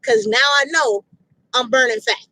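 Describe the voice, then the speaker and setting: This fitness motivator's voice is a little high, bright and forceful, and she speaks a little slowly. Outdoors, she gives a casual pep talk, direct and emphatic, repeating herself bluntly in street slang. The recording has no room sound and is low quality.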